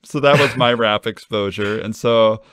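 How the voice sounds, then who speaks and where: A man's voice: lowish voice, normal speed, fairly bright tone, no echo, studio quality. A young adult man co-hosting a podcast, chatting casually and joking in a rambling, self-deprecating way. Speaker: podcast co-host.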